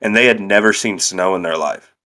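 A man's voice: low voice, brisk, pushed and bright. A young man from central Indiana, telling stories in casual chat, swearing freely and laughing often. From central Indiana, USA.

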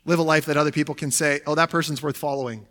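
A young adult man preaches a sermon in a relaxed, conversational manner. He often checks in with his listeners with a quick "right?". His voice sits a touch higher than most men's. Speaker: pastor.

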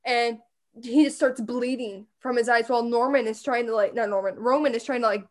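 A woman's voice: fairly high pitch, steady tone, fairly quick, darkish tone. A woman co-hosting a podcast, casually recapping a TV episode with blunt, sarcastic, profane remarks. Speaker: podcast co-host.

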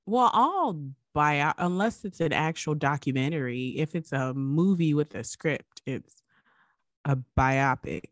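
A woman with a low voice, co-hosting a casual podcast. She tells stories in a wry, emphatic way and insists on her point. The recording is dry and close to the mic. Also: expressive, a little slow, dry recording. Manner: chatty storyteller, wry and emphatic. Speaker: podcast co-host.

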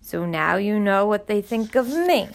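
A woman voicing a glum, bitter boy who mutters and flatly recites his lines in a storybook reading. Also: mid-range voice, unhurried.

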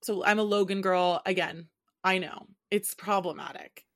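A young adult woman co-hosting a podcast, chatting casually with a friend in a relaxed, lightly sarcastic way. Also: mid-range voice, normal speed. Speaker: podcast co-host. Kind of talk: casual chat between friends.

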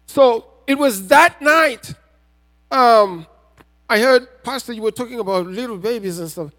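A man preaching a sermon as a pastor, telling a personal testimony and building to shouted appeals. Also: very high-pitched, unhurried. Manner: testimony told with rising intensity, often shouting. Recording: reverberant hall.

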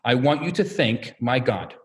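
Shrewd bargaining old patriarch, dry and flat-toned, played by a man. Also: medium pitch, moderate pace, pitched below the performer's own voice, lightly acted.

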